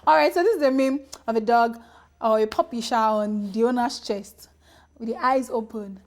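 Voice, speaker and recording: Here is a high, bright female voice with a Nigerian accent, quick and playful as she co-hosts a TV studio show. She banters with her co-host and keeps the segments moving. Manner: animated, laughing, playful asides. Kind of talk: lively studio chat.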